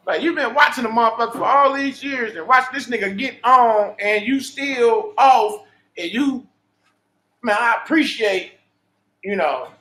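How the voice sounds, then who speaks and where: Streamer, male, high-pitched, profane preachy monologue. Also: unhurried, sharp tone. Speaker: livestream host. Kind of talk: unscripted livestream monologue.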